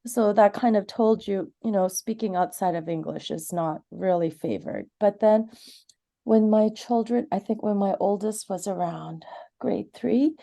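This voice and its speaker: A woman's voice: mid-range voice, vocal fry, mellow. A woman in her forties, who grew up in Canada, gives earnest, candid personal testimony during public comment. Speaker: community member giving public comment.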